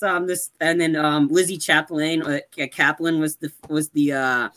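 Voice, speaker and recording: A man's voice: on the high side, fairly even intonation, moderate pace, fairly bright tone. A young man in casual movie chat, retelling scenes animatedly and jumping into exaggerated voices.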